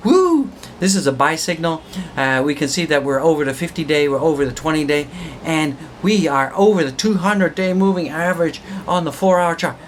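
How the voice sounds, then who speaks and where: A man's voice: fairly high pitch, slight background noise. Hyped-up man whooping about charts. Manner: excitable, hype-man shouting and whooping; repetitive, riffing wordplay. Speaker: crypto channel host. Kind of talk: hyped market commentary vlog.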